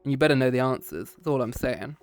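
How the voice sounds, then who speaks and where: A man's voice: medium pitch, lively intonation, fast talker, clean tone, faint music behind. A man streaming a casual chat with his viewers after a history lesson, playful and teasing, often slipping into meows and growls.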